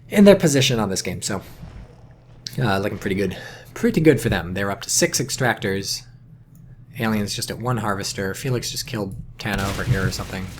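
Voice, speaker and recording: A man giving casual solo commentary on a competitive video game, rambling and dropping deadpan jokes. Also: fairly low pitch, background noise. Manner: rambling, deadpan jokey asides. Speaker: esports caster.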